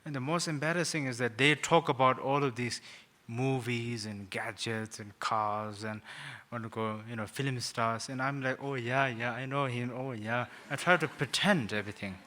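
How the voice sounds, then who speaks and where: Man rambling through a gentle teaching talk. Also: medium pitch, moderate pace, few pauses. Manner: rambling, self-mocking, with frequent "sort of" and hesitations. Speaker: Buddhist teacher, guest speaker. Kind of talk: informal teaching talk to young people.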